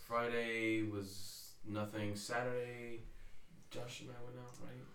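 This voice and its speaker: A young man chatting casually as a podcast co-host, relaxed, laughing often and swearing loosely. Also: mid-range voice, slow pace, slight background noise. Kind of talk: casual chat. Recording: echoey room, mic at a distance, others chatting.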